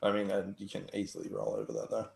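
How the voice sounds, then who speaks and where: A man with a gravelly voice, a laid-back player in a tabletop game, hesitant as he works out his plans. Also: fairly low pitch, monotone, fast talker, darkish tone, echoey room, slight background noise. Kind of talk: casual tabletop game play.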